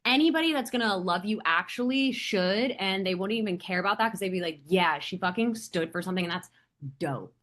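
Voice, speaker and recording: Young woman podcast co-host, brash and animated, slips into quoted voices while telling stories. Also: mid-range voice, fairly quick. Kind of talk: casual chat.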